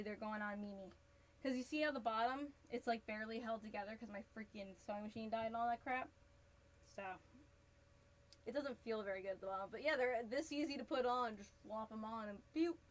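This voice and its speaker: A woman's voice: on the high side, brisk, rough recording. A woman chatting casually while she crafts a cosplay on a live stream, rambling, laughing often and answering her chat. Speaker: cosplay livestreamer.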